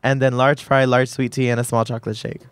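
A man's voice: medium pitch, little pitch movement, fast, clear, resonant tone, no room sound. A young man hosting a podcast, chatting in a campy, gossipy, profane way. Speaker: podcast host. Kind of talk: casual chat.

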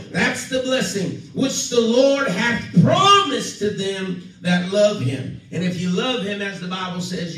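High-voiced preacher in an echoey church. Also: male voice, distant mic. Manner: preachy, emphatic, acts out quoted voices, calls for amen. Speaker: pastor. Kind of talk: sermon. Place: church sanctuary.

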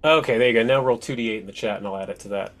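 A man's voice: fairly low pitch, background noise. Man game master reacting to rolls. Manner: explains rules, quick reactive exclamations. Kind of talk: running an online tabletop game.

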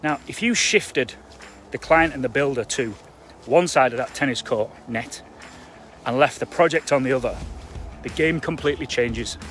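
A man's voice: mid-range voice, moderate pace, fairly bright tone, soft background music. A man giving a blunt, emphatic live-stream coaching talk to property investors, chatty and full of fillers. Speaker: construction trainer for property investors.

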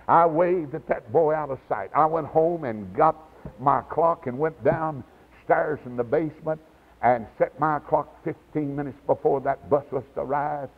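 An older man, preaching a revival sermon. He tells his story with feeling, dropping to a hush and then rising to a shout. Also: fairly high pitch, measured pace. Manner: storytelling preacher, swings from hushed to hollering. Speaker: evangelist. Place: church sanctuary. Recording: tinny lo-fi 1990s church tape.

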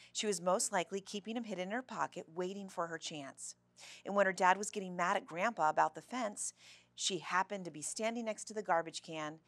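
A woman's voice: medium pitch, fairly bright tone, no room sound. A woman voicing a confident, insistent young girl who helps rescue animals.

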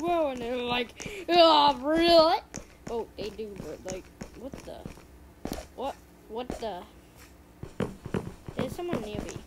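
A woman giving excitable gameplay commentary, often repeating panicked exclamations. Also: high-pitched. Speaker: gamer. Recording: loud background noise.

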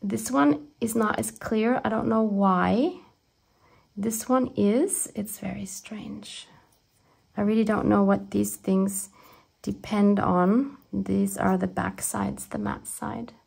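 A woman's voice: medium pitch, slow, gravelly, darkish tone, slightly rough. A woman hosting a junk journaling video, chatting casually as she shows her crafts and gushing with delight. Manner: gushing and emotional, with exclamations of delight. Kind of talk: casual crafting show-and-tell.

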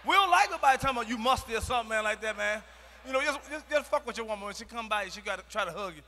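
A man performs stand-up on a large arena stage with a strikingly high voice. His delivery is loud, profane and emphatic, breaking into shouts. The sound rings with the long reverb of the arena, and there is a faint murmur behind him. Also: expressive, racing, a little hiss or hum. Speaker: stand-up comedian. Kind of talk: stand-up routine.

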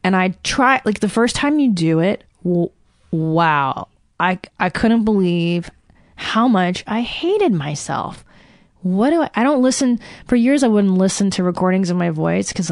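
A woman's voice: fairly low pitch, expressive, unhurried, no room sound, studio quality. A woman guest on a podcast, talking candidly and self-deprecatingly and swearing freely. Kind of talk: candid conversation.

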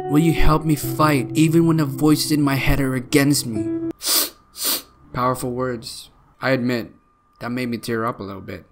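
A man hosting a video, reading tweets aloud and mocking them with sarcastic comments and frequent laughter. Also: mid-range voice. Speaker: video host.

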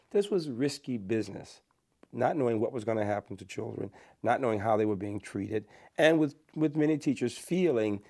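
Earnest older man with a lilt. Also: lowish voice. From Alabama, USA. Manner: earnest and animated, lifts his voice for emphasis then drops it. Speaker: interviewee. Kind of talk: reflective personal storytelling.

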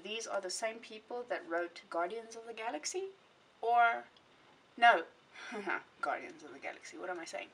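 In a mid-range, slightly bright voice, she rambles through a casual book chat for her vlog, stopping mid-sentence to correct herself. The audio has a faint hiss and she's a bit distant from the mic.

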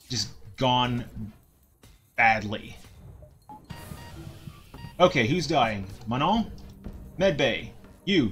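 A man in the middle of his range chats through a live game stream in a loose, unscripted way. He trips over his words and leans on fillers. Soft game music plays faintly behind him. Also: medium pitch. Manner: casual, stammers and fills with ums. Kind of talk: live gameplay commentary.

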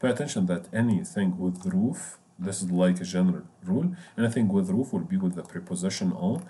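A man teaches French through English, his deep, mellow voice carrying the lesson. He repeats each word and stops to explain with the odd filler. Faint keyboard typing sits behind him. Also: brisk. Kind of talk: bilingual language lesson.

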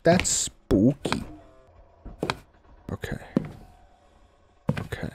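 Playing a horror game, a young man who hosts a gaming channel curses and mutters to himself in exasperation. His lowish, somewhat mellow voice is very animated yet slow, with vocal fry and frequent pauses, over slight background noise.

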